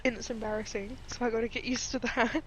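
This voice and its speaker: A woman's voice: on the high side, fairly even intonation, fast talker. A young woman reacting in game voice chat with giggles and shocked remarks. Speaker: gamer in party chat. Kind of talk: casual chat. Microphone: headset over voice chat. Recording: voice chat with loud hiss and clicks.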